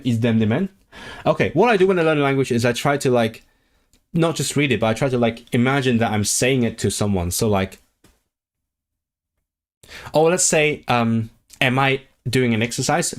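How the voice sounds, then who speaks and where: A man streaming himself as he studies a language, drilling phrases aloud in a halting, repetitive self-talk. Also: medium pitch. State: sore throat. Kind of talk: casual livestream study session.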